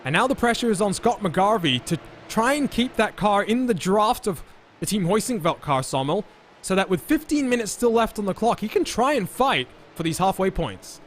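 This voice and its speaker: High-voiced energetic male race commentator. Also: moderate pace, slight background noise. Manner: energetic play-by-play, hands over to co-commentators. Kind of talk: live esports racing commentary.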